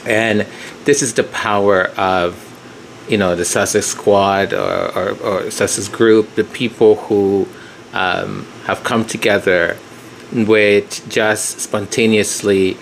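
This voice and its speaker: A man hosting his own channel, speaking reflectively and pausing often, close to tears as he talks. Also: fairly low pitch, gravelly, a little hiss or hum. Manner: slow, reflective, pausing to gather himself. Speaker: channel host. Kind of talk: emotional solo commentary.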